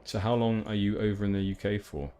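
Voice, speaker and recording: A young Englishman from Hampshire talks fast in a fairly low, mellow voice while chatting casually with viewers over gameplay. His talk rambles, with lots of fillers and restarts, and a little hiss or hum runs under the audio.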